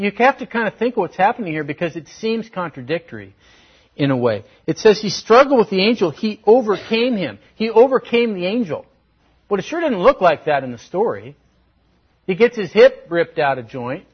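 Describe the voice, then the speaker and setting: Male pastor, somewhat high and husky voice, conversational sermon delivery, dull lo-fi recording. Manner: conversational preaching, rising to emphatic questions.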